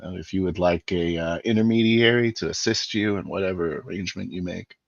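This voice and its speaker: A man's voice: low-pitched, fairly quick, gravelly, no echo, lo-fi sound. A man playing his character in a tabletop game, persuasive and haggling, with fillers. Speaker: player. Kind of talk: in-character tabletop role-play.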